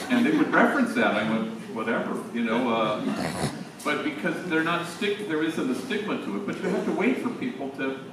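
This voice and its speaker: Older priest telling stories in an echoey hall. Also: male voice, mid-range voice, background noise. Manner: conversational, anecdotal with slang asides. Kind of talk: storytelling talk to teachers. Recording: echoey hall, distant mic.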